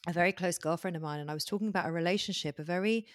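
A woman's voice: on the low side, rapid-fire, no echo, studio quality. A woman host in conversation, affirming her guest often before telling her own story. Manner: warm affirming listener, frequent "yeah". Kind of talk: conversational interview.

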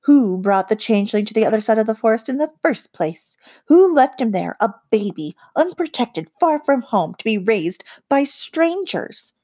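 A woman's voice: a little high, a little slow, a little mellow, natural voice. A woman voicing an icy, imperious witch queen. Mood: scornful. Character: cold, commanding witch queen of the deep dark.

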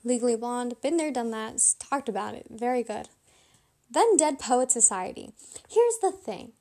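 Chatty young woman, fairly high voice. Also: animated, normal speed, dark tone. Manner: chatty, blunt, self-mocking. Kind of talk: casual movie-rating monologue.

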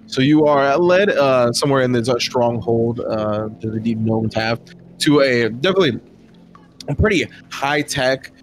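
A male game master describing a fantasy scene at a mid pitch, often pausing with um and like. A faint ambient hiss sits under his voice. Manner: rambling, many fillers. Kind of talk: narrating a tabletop game.

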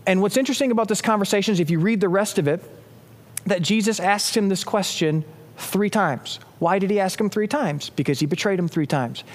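A man preaching a sermon as pastor, retelling a story with animated storytelling and acted-out quoted lines. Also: high voice, a little fast, in a large hall, slight background noise.

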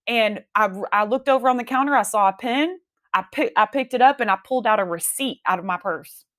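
Animated woman telling a story. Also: fairly high pitch, fairly quick. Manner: animated, emphatic, laughs while telling. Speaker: podcast host. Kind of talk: casual storytelling.

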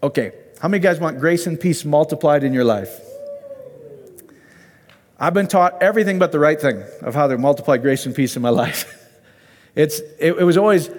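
Animated man teaching scripture in a hall. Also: a little high, moderate pace, long pauses. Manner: conversational, animated, often asks the listeners questions. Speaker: Bible teacher. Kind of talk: informal sermon.

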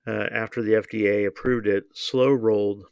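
A man giving opinionated solo political commentary, measured and deliberate, with frequent ums and uhs. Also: fairly low pitch, steady tone, vocal fry, darkish tone, clean tone, no echo.

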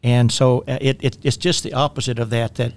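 A man's voice: mid-range voice, steady tone, brisk, a little hiss or hum. A man with a Southern drawl hosting a faith-based talk radio show as a life coach, folksy and rambling, with many fillers and restarts.

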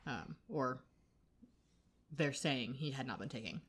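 Her voice is extremely low and husky, animated yet unhurried. As a podcast co-host, she casually recaps a TV episode, chatting away with plenty of fillers while performing the characters' quoted lines.

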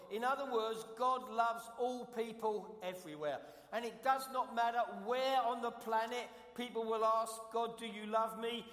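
London guest pastor, high voice, emphatic preaching style, big reverberant church sound. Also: male voice, normal speed, few pauses, a bit bright. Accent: London English. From London, England. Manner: emphatic, repeats key phrases, asks the congregation questions. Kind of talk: preaching a sermon. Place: church sanctuary. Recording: echoey hall, long reverb.

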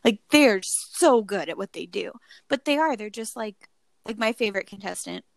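A woman's voice: medium pitch, normal speed, creaky, no echo, poor audio. A young American woman co-hosting a podcast, chatting casually and gushing as she tells stories, with lots of "like"s. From United States. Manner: gushing, animated storytelling with many "like"s. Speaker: podcast co-host. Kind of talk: casual chat.

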